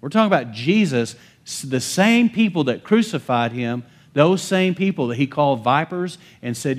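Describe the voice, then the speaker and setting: A man preaching a sermon as pastor, emphatic and swinging between bold calls and hushed asides, often calling to the congregation for amens. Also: on the high side, animated, moderate pace, few pauses.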